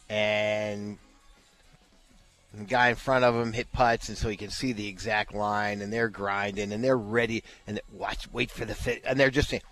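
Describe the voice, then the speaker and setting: A man's voice: mid-range voice, fairly bright tone. A man co-hosting a casual talk show, telling a story with frequent restarts and fillers. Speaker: co-host. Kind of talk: casual golf chat.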